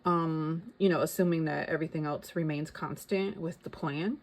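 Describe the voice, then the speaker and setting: A woman's voice: sits low, steady tone, moderate pace, slight background noise. A middle-aged woman chatting casually as a vlogger, thinking aloud and reading out figures. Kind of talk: casual chat.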